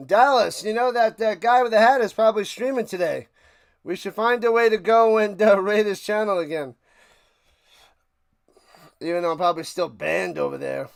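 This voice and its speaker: High-pitched guy with a gravelly edge, ranting n calling plays on a watch party stream. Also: normal speed. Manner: ranting, sarcastic, talks to chat. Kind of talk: live play-by-play and casual rant.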